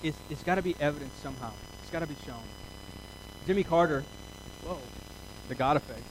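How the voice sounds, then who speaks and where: Male preacher, high voice, lively storytelling sermon, faint background hum. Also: fairly quick. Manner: animated storytelling, acts out his own inner voice. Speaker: pastor.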